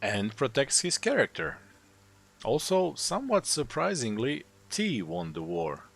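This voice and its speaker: A man's voice: medium pitch, huge pitch swings, unhurried, vocal fry, fairly bright tone, slightly rough. A man with a mid-range voice narrates a game story. His delivery rises and falls a lot, and he slips in dry, teasing asides. His tone stays wry throughout.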